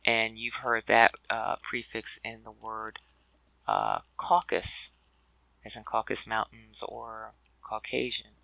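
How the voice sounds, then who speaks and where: Gravelly, sharp-toned man teaching scripture words. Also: fairly low pitch, animated, slow pace, no echo, rough recording. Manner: conversational, with many fillers and restarts; addresses listeners as brothers and sisters. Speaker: scripture word-study teacher. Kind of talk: explanatory video lesson.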